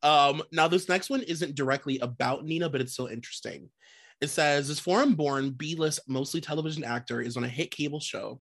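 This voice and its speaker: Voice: mid-range voice, a little fast. A podcast co-host chatting casually, reading gossip items and laughing often. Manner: laughs often, loose and joking, swears casually.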